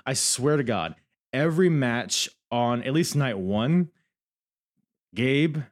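Rambling man with lively pitch. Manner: rambling, candid, swears freely. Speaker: podcast host. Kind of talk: casual podcast review.

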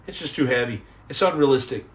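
A man's voice: medium pitch, fast, a little hiss or hum. A middle-aged man chatting casually on a livestream, answering viewer comments in a rambling, joking way that often repeats and restarts words.

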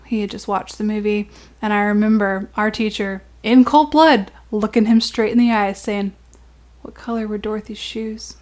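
A woman's voice: medium pitch, level tone, normal speed, darkish tone. A woman co-hosting a podcast, chatting casually and filling her speech with "like". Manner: chatty, many "like" fillers. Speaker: podcast co-host. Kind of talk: casual chat.

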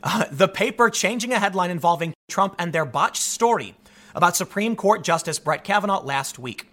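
A man with a bright, fairly high voice talking through the news on his own. His pitch swings widely as he reads quotes and cuts in with sarcastic, emphatic remarks. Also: animated, moderate pace. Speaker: political commentator. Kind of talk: solo commentary monologue.

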